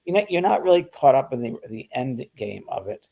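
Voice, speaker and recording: An older man co-hosting a casual spiritual talk, animated and acting out the exchanges he describes. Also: medium pitch, fairly quick, vocal fry. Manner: animated, acts out quoted exchanges in lively voices. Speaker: spiritual medium and co-host. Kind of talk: casual conversational chat.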